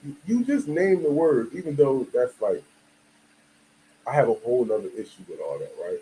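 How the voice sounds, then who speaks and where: A man's voice: medium pitch, expressive, normal speed, mellow, poor audio. A man from the United States giving a casual, emphatic monologue full of slang and "you feel me" asides. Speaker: video commentator.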